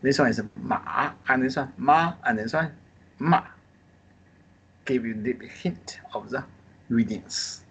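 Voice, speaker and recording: A man's voice: medium pitch, takes it slowly, creaky, pauses often, fairly bright tone, a little hiss or hum. A man with a Chinese accent teaching a live online Mandarin class. He drills pinyin sounds and tones, and his English phrasing is non-native. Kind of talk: live online group lesson. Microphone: video call.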